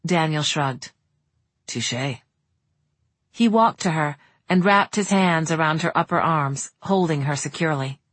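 A woman reading a novel aloud in steady audiobook narration. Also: deep voice, normal speed, no echo.

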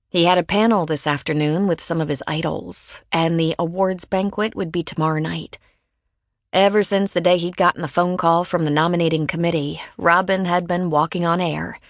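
A woman reading a first-person audiobook in a measured, even storytelling manner, on a close studio mic. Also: on the low side, no echo. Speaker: audiobook narrator.

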